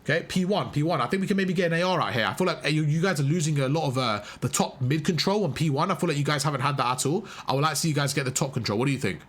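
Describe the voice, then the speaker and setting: A man's voice: fairly high pitch, racing, few pauses, a bit bright, a little hiss or hum. A young man coaching a player live through a match, emphatic and full of praise, repeating his instructions. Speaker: game coach. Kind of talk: live gameplay coaching commentary.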